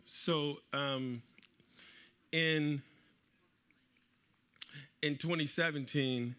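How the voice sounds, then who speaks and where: Man, middle-aged, bright voice, live storytelling to an audience, animated, acts out quoted voices. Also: fairly high pitch, extremely slow, clean tone. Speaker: author speaking at a book event.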